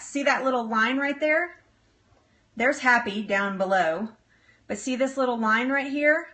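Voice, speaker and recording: A woman's voice: on the high side, sharp tone. A middle-aged woman hosting a casual live stream, bubbly and giggly as she answers viewer comments. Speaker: livestream host.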